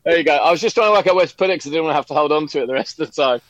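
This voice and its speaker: A man chatting casually as a podcast guest, self-deprecating and quick to laugh. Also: a little high, expressive, lo-fi sound, very noisy. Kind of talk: casual chat.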